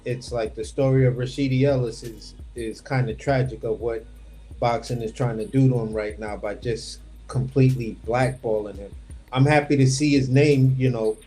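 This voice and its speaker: A man's voice: mid-range voice, warm tone. A man hosting a casual boxing talk over a remote livestream call, laid-back and rambling, swearing offhand. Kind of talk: casual chat.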